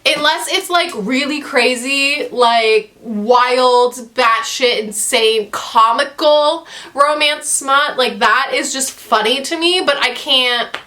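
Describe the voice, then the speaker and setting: A woman's voice: high voice, slow, hardly any pauses, sharp tone. A young woman in her twenties reviewing a book in a casual rant to the camera, exasperated, crude and emphatic, repeating her points.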